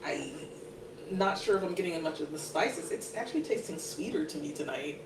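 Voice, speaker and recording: A soft-spoken woman hesitantly gives her tasting notes, sounding set back from the mic. The room around her echoes, and a clear layer of background noise runs under her voice. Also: lowish voice, lively intonation, brisk. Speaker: co-host. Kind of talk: casual tasting chat. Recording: distant, roomy, with noise.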